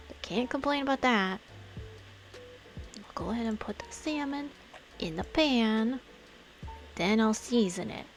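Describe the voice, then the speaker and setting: A woman streamer chatting casually while playing a game, thinking aloud and murmuring to herself. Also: a little high.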